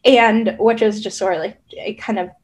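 A woman from Southern Indiana, a therapist guest, talking casually in a soft, rambling way with many hesitant fillers. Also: mid-range voice, fairly even intonation, normal speed. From Southern Indiana, USA. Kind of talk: casual conversation.

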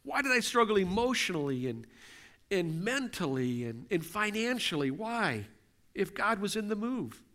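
A man's voice: sits high, very animated, normal speed, sharp tone. A middle-aged man preaching a sermon as pastor, earnest and building through repeated questions. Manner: earnest, repetitive rhetorical questions.

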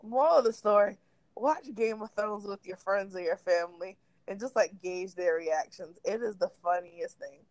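A young woman co-hosting a casual podcast, candid and animated as she retells scenes and acts out what people said. Her voice sits mid-range, recorded close and dry with no room sound. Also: mid-range voice, moderate pace, no echo, rough recording. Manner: candid, animated storytelling with acted-out quotes. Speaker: podcast co-host. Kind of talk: casual chat.

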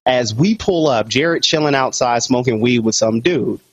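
A man's voice: medium pitch, normal speed, slightly rough, no echo. A man co-hosting a podcast, reading a story aloud with laid-back, teasing banter. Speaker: podcast co-host. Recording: dry, dull lo-fi sound.

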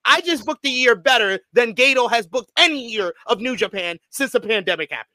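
Man co-hosting podcast, animated, high voice, dry close sound. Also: no echo. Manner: animated, fast-talking, opinionated. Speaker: podcast co-host. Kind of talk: casual wrestling podcast chat.

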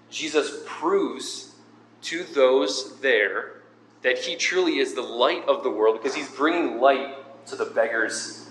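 A man's voice: mid-range voice, fairly bright tone, slight background noise. A man giving a church sermon as pastor, speaking informally and conversationally, often restarting his phrases. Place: church sanctuary. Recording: echoey hall with faint ambience.

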